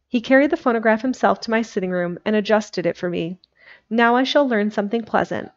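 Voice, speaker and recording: A woman reading a classic novel aloud, steady with occasional slips and restarts. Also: on the high side, a little fast. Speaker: narrator. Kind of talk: audiobook reading. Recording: dull lo-fi livestream recording.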